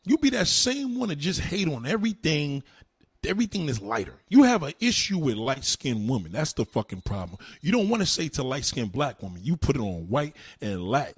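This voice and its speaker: Husky man in a lively, shouting rant. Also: brisk. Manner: loud insulting outbursts, swinging between low mutters and high shouts. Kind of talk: heated profane rant to camera.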